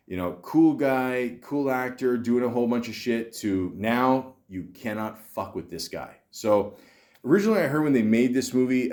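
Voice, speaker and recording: Low-voiced rambling podcast host. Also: male voice, darkish tone. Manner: rambling, swearing, many fillers and restarts. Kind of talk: casual film-talk podcast chat.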